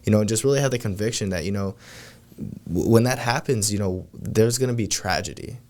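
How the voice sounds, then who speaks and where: Brief: male sales agent guest, quick delivery, lowish voice, filler-heavy. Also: darkish tone. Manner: quick, filler-heavy, says you know and like often. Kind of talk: casual podcast chat.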